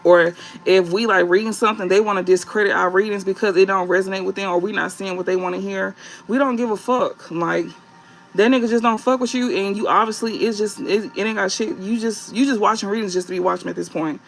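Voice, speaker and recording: A man with a high, gravelly voice rants bluntly on a late-night tarot livestream, swearing freely and circling back with drawn-out fillers. A faint hiss sits under his voice. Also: steady tone, a bit bright. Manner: profane, blunt, scolding; drawn-out fillers and repeated phrases. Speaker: online tarot reader.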